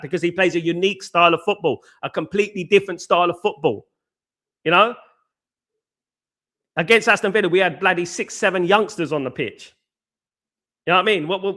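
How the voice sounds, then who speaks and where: A man's voice: sits high, brisk, sharp tone. A man hosting a live fan show, answering chat in casual slangy banter and firing off combative rhetorical questions. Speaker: host.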